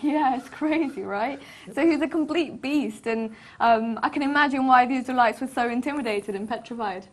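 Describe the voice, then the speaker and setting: A woman's voice: sits high, normal speed. A woman co-hosting a casual Bible discussion, laughing often between her phrases. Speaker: co-host.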